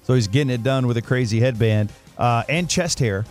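A man's voice: mid-range voice, brisk, darkish tone, soft background music. Sports radio man reading game stats. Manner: steers the talk, reads stats. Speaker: sports radio host running the segment.

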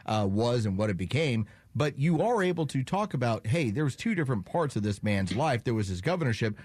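A man's voice: medium pitch, very animated, a little fast, a little mellow, dry recording, clean studio sound. A man co-hosting a talk radio show who chats casually and hesitantly, with many fillers.

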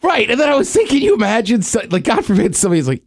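Animated man, lively swooping voice. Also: extremely high pitch, rapid-fire, gravelly, no echo, studio quality. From living in Seattle. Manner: animated storyteller, laughs often. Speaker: podcast co-host. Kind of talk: casual chat.

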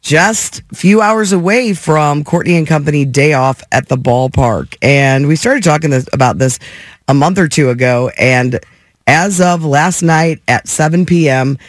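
Man, radio morning host, slightly high voice, dry close mic, casual banter. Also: lively intonation, unhurried, no echo. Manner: chatty, laughs often.

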